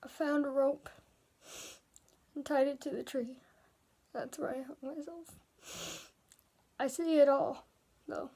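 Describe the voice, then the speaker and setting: A woman tells a grim first-person story, her voice high but mellow and dark in tone, with a gravelly fry running through it. She speaks softly and hesitantly, and her delivery often sinks to a whisper.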